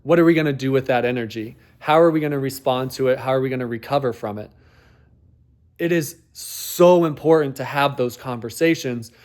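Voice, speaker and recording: Casting: earnest male podcast host, mid-pitch, reflective and conversational, leans on rhetorical questions. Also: fairly quick, a little mellow. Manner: earnest, talks in rhetorical questions, many "like" fillers. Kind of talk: reflective monologue on parenting.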